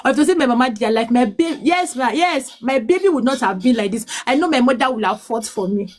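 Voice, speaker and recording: A Nigerian woman in her late thirties, mixing English and Pidgin, telling her life story as a mother in a pleading, halting way. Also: fairly high pitch, animated. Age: 30s. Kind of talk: emotional personal testimony.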